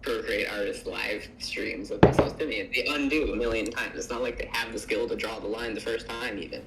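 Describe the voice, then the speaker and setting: A man's voice: lowish voice, a little fast, creaky, heavy background noise. A man co-hosting a stream, chatting casually, agreeing, swearing and laughing along.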